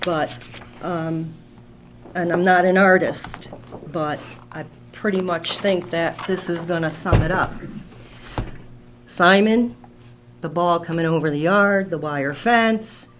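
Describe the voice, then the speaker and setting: A woman's voice: fairly low pitch, slow pace, pauses often. Emotional woman, rambling public commenter, faint background noise. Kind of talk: public comment at town meeting. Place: town hall meeting room.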